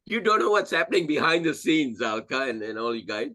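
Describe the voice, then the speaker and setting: A man hosting a casual chat, expressive and quick to joke and ask questions. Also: medium pitch, dry recording. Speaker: host.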